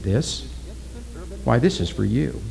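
A man playing a stern tribal witch doctor in a storybook reading. He speaks solemnly and flatly, with cold command. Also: medium pitch, normal speed, crowd noise. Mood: cold calm.

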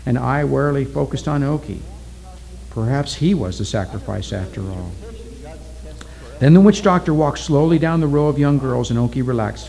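A man narrating a story aloud in a steady, deliberate reading style. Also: mid-range voice, creaky, rough recording.

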